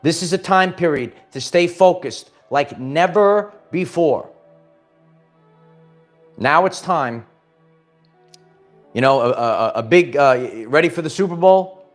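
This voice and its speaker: A man's voice: on the high side, lively intonation, slow pace, pauses often, soft background music. A man hosting a casual livestream pep talk, rambling and upbeat, motivating viewers and reading out their comments. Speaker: host.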